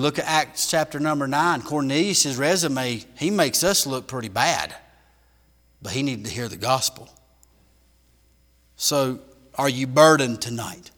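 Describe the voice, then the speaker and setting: A man preaching a sermon in a church, shifting from loud emphatic bursts to hushed lines. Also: medium pitch, in a large hall. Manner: emphatic preaching with big swings in volume.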